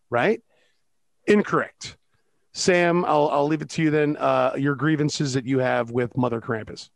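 A man's voice: fairly high pitch, creaky, no echo. A man co-hosting a casual film review chat, sarcastic and profane, with plenty of filler words. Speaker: podcast co-host.

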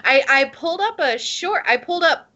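A young woman telling funny stories in casual chat, animated and quick to break into loud laughter. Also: high voice. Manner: animated storyteller, laughs loudly mid-sentence.

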